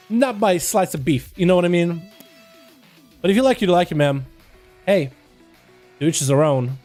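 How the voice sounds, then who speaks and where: Young male streamer, high but mellow voice, chatty play-by-play, faint music behind. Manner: casual, chatty, fast play-by-play. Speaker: streamer and game commentator. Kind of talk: live game commentary.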